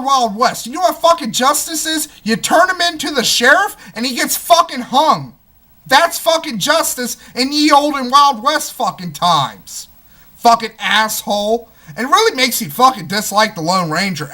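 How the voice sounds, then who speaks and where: A young man with a bright, sharp voice tearing into a film in an unscripted rant. He swears constantly and swings from low, grumbling asides to loud, exasperated outbursts. His delivery is loose and heated, full of restarts. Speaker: movie reviewer.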